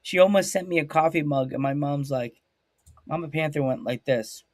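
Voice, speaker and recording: A man's voice: on the high side, moderate pace, darkish tone, no room sound. A man hosting a live-streamed interview show over a video call, rambling and joking at his own expense. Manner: rambling, jokey, self-mocking. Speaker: podcast host.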